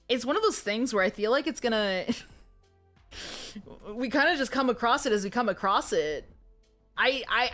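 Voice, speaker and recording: A woman's voice: mid-range voice, fairly bright tone. A woman streamer chatting and giggling as she reads a romance novel to her viewers. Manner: giggly, chatty, self-mocking. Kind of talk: live-stream reading and chat. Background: faint music.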